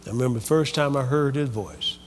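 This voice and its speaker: A man's voice: mid-range voice, fairly quick, long reverb tail, a little hiss or hum. A man preaching a sermon, leading the congregation in call-and-response. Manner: lively, call-and-response preaching with quoted voices.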